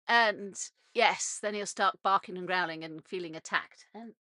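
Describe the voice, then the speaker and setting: A woman's voice: lowish voice, unhurried, bright, forceful tone, no echo, clean studio sound. A British woman hosting a casual radio monologue from a narrowboat, chatty and meandering, with frequent restarts and little laughs. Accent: British English. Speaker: radio show host. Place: narrowboat on a canal.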